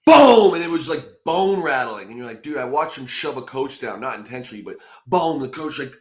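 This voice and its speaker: A man hosting a casual podcast chat, swinging from low mutters to loud bursts as he acts out stories. His pitch sits in a middle range and he talks with loose, profane energy. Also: brisk. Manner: animated storytelling, swearing, acting out quotes loudly. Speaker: podcast host.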